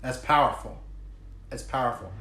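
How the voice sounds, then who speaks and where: A man's voice: mid-range voice, normal speed, sharp tone, a little hiss or hum. A man preaching a sermon as pastor, earnest and emphatic, stretching out key phrases and reading scripture aloud. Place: church hall. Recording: echoey room.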